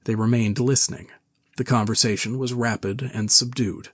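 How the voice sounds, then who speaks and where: A man reading a classic novel aloud with measured, even storytelling. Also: mid-range voice, husky, dry recording, clean studio sound. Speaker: narrator. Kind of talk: scripted narration of a classic novel.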